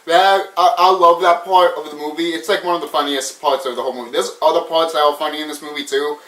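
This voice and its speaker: Excitable swearing man reviewing a film. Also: a little high, fast talker. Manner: excitable, swears often, laughs a lot. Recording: echoey room, mic at a distance.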